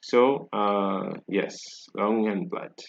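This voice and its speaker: A man's voice: lowish voice, very slow, vocal fry, dull audio. A man with a Barbadian accent, teaching a French pronunciation lesson in a casual, patient way and often checking in with tag questions.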